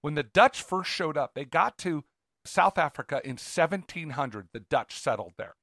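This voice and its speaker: A man's voice: on the high side, lively intonation, normal speed, a bit bright, no room sound, studio quality. A man co-hosting a podcast, talking with eager enthusiasm and lots of restarts. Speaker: podcast co-host. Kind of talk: casual podcast chat.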